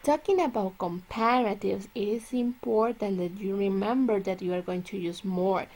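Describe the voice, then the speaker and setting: A woman teaching English grammar, explaining slowly and stretching out her example words. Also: medium pitch, a little mellow. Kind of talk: classroom grammar lesson.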